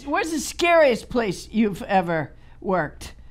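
A woman hosting a podcast, chatty and quick to laugh while interviewing a guest. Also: fairly high pitch, big pitch swings. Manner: chatty, laughs often, stumbles on phrasing. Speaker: podcast host. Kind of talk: casual interview.

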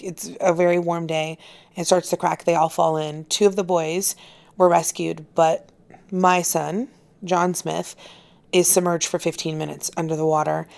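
Woman, interview guest, earnest, heartfelt, gravelly, lowish voice. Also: darkish tone. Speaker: actress and author, interview guest. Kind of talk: casual interview conversation.

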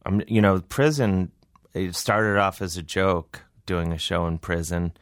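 A comedian tells a rambling, self-deprecating story in a casual interview. His voice is very low, and the recording sounds dry and close. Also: steady tone, unhurried, no room sound. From Cleveland. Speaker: comedian guest.

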